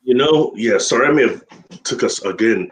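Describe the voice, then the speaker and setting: A man with a voice of average pitch tells a long story as a guest on a radio talk show. He rambles and laughs often. He slips into the voices of the people he quotes. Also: expressive, moderate pace.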